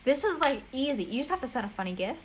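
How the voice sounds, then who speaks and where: A woman's voice: sits high, very animated, quick pace, a crowd in the background. A teenage girl co-hosting a podcast, telling stories in a casual, rambling way full of "like" and laughter. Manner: chatty storyteller, heavy use of "like", often laughs. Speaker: podcast co-host. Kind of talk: casual chat.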